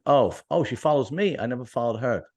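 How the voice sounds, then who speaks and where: A man hosting a casual bodybuilding podcast, teasing and ribbing his co-host, with loud jumps between mutters and outbursts. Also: mid-range voice, expressive, fast talker, muffled recording. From Italian-American family. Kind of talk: casual chat.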